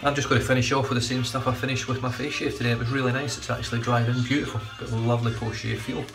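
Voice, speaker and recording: A man's voice: mid-range voice, little pitch movement, rapid-fire, music in the background. A man chatting casually in his bathroom about a shave, rambling, swearing freely and correcting himself as he goes. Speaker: shaving vlogger. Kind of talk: casual product review chat. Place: home bathroom.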